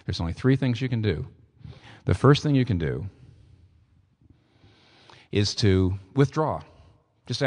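A man preaching a sermon with animated delivery, his voice leaping upward for emphasis. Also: moderate pace, long pauses, long reverb tail. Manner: animated preaching, pitch rising sharply for emphasis. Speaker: pastor.

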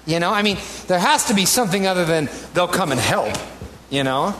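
A man delivers a sermon in a somewhat raised, animated voice, climbing to emphatic peaks before dropping into easy conversational asides with his congregation. A faint room ambience sits behind him. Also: high-pitched, a little fast, background noise. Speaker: pastor.

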